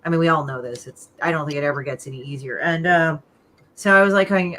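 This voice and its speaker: A woman's voice: deep voice, quick pace, a bit bright, slight background noise. A woman co-hosting a casual video call chat, rambling and swearing freely.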